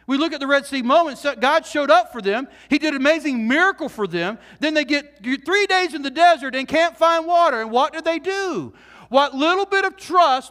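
A pastor delivers a sermon from the pulpit in a strikingly high voice, earnest and animated. He keeps questioning his congregation and restarts phrases as he drives his point home, while a long reverberation fills the large church hall.

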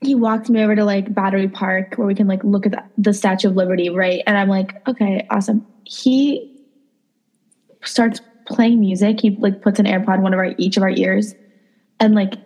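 Breathy young woman telling dating stories. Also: mid-range voice, moderate pace. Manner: animated, acts out quotes, lots of "like". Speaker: podcast co-host. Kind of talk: casual storytelling chat.

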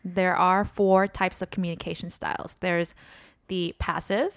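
A woman's voice: on the low side, level tone, a little slow, clear, resonant tone, no echo, studio quality. Casual young woman podcast co-host. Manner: explains at length with many fillers. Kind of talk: casual chat.

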